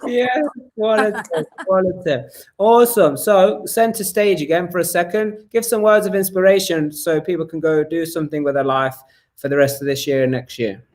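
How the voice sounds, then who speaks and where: Man hosting a live stream, upbeat and rambling, slightly high voice. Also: normal speed. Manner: energetic, rambling with restarts. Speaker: host.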